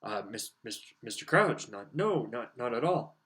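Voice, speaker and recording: A man's voice: medium pitch, very animated, measured pace, fairly bright tone. Bossy middle-aged official barking orders, stern and accusing, read by a guy. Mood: flustered.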